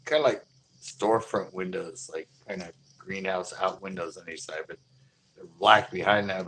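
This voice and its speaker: A man's voice: sits low, a bit bright, a little hiss or hum. Rambling man telling a story live. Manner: rambling, laughing, loose. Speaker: fishing channel host. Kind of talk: casual live-stream storytelling.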